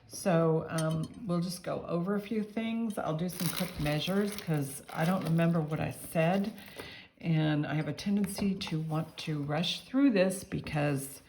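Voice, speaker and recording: Low, gravelly-voiced woman chatting. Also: a little mellow, slight background noise. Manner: chatty, rambling with many ums, a bit irritated. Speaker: jewelry seller and channel host. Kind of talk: casual selling vlog.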